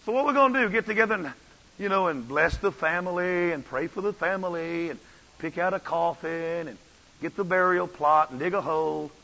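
A man's voice: a little high, a little fast, sharp tone. A man preaching a sermon as pastor, with an impassioned, repetitive cadence. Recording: dull audio with long church reverb.

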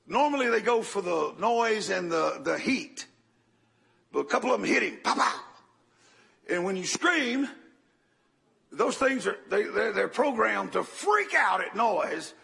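An older man preaches with a gravelly, husky rasp. His voice sits high and bright for a man. He tells his story dramatically, jumping from loud bursts down to hushed murmurs. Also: very animated, measured pace. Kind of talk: sermon.

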